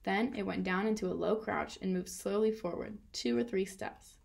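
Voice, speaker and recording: A woman reading a children's novel aloud in a steady storytelling manner. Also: mid-range voice, normal speed, creaky. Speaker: reader.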